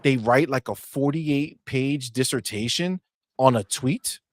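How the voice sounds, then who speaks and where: A man hosting a casual gaming podcast, brash and profane, mocking people and sometimes breaking into loud shouts. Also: mid-range voice, measured pace. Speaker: podcast host.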